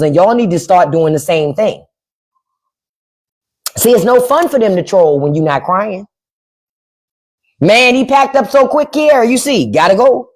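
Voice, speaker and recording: Animated, profane woman livestreamer. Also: sits low. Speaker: livestream host. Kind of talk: casual livestream rant.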